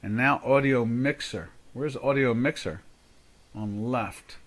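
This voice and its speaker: A man's voice: mid-range voice, slow pace. An older man hosting a live trading stream, chatting casually and thinking aloud as he works. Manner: chatty, thinking aloud while fixing settings. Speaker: trading show host.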